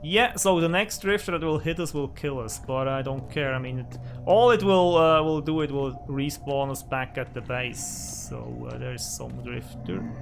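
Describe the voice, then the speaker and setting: A man's voice: medium pitch, normal speed, creaky, few pauses, faint music behind. A man hosting a let's play, commenting on his survival game and swearing at it in frustration. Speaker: gaming channel host. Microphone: desk microphone.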